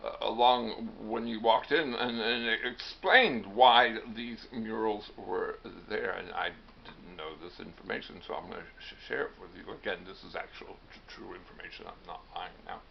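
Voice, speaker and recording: Man riffing on stuff, gravelly, self-deprecating asides, dull lo-fi audio. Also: fairly low pitch, steady tone, moderate pace, slight background noise. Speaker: host. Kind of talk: comedic monologue. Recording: dull lo-fi recording.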